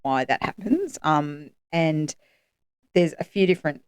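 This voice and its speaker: A woman's voice: sits low, animated, a little slow, clear, resonant tone, no echo. A woman co-hosting a podcast, chatting casually with lots of fillers and easy laughter. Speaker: podcast co-host. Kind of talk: casual chat.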